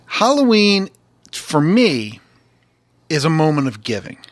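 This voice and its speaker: A man's voice: fairly high pitch, sing-song, slow pace, dry recording. A man hosting a podcast in casual comedic chat, rambling and earnest, often restarting and repeating words. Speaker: podcast host. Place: podcast studio.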